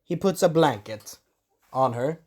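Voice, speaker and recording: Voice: medium pitch, lively intonation, measured pace, darkish tone, slightly rough. An anime reviewer rambling through an episode recap in casual chat, swearing and acting out quotes.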